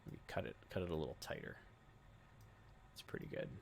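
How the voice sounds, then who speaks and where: A young adult man giving a casual screen-recorded software tutorial, thinking aloud as he clicks through settings. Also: fairly quick, a little hiss or hum. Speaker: web design tutor.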